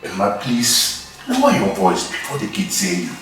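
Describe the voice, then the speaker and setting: A man playing a soft-spoken husband who pleads and tries to calm his wife, in a film scene with faint music under it. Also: medium pitch, moderate pace. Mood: pleading. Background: background music.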